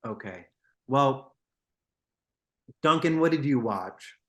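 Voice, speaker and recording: Bright, excitable young man chatting. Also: mid-range voice, takes it slowly. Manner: excitable, jumps between topics. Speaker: podcast co-host. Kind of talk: casual chat about movies.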